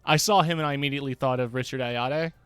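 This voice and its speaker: A man streaming a game, chatting casually in a relaxed, offhand, joking way into a close mic. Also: medium pitch, quick pace, clear, resonant tone, no echo, soft background music. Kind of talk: casual gameplay commentary.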